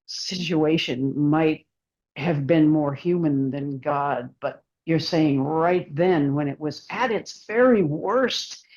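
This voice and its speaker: This voice belongs to a supportive co-host who affirms the speaker and adds a reflective thought of their own. The pitch sits in the middle range, and the line sounds muffled and lo-fi. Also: slow pace, darkish tone.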